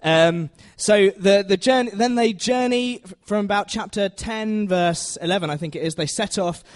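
A man's voice: sits high, moderate pace. A man giving a chatty, self-deprecating Bible teaching in a church, often asking the audience questions. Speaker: preacher.

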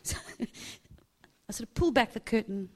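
A woman's voice: on the high side, animated, moderate pace, darkish tone. A woman preaching a sermon, telling a personal story animatedly and laughing often.

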